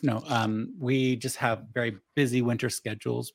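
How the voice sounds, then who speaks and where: A man's voice: mid-range voice, steady tone, fairly quick, husky. A man, the game master, chatting casually through announcements before a tabletop game, rambling and poking fun at himself. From Southern Oregon. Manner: rambling, self-mocking, laughs at himself.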